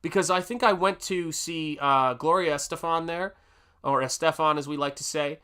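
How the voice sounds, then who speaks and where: A middle-aged American man chats his way through a live painting stream, reading viewer comments aloud and reacting with quick exclamations. His voice sits a bit high for a man and has a bright, forward tone. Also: clean tone. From United States. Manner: chatty, reads out viewer comments, exclamations and laughs. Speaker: artist hosting a livestream. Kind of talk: casual livestream chat while painting.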